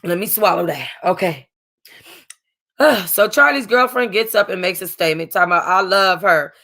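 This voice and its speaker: A woman hosting her own review channel discusses a reality TV episode while close to crying. She rambles in loose, slangy casual chat full of restarts. Her mid-range voice has a gravelly, fried edge and a sharp tone, at normal speed.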